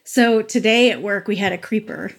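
A woman's voice: medium pitch, moderate pace, vocal fry, a crowd in the background. A woman co-hosting a casual podcast chat, telling a story animatedly, acting out quotes and swearing freely. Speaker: podcast co-host.

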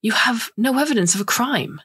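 A woman's voice: a little high, lively intonation, normal speed, a bit bright, slightly rough, pitched above the performer's own voice, heavily acted. A woman voicing a scheming older female alien scientist who speaks in urgent, clipped lines.

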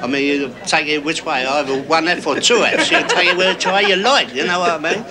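A man's voice: fairly high pitch, brisk. An older man with a Cockney accent, reminiscing casually and chuckling as he mimics how people talk. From East London, England. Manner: chuckling, mimics voices while telling stories. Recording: archival tape, crowd chatter behind.

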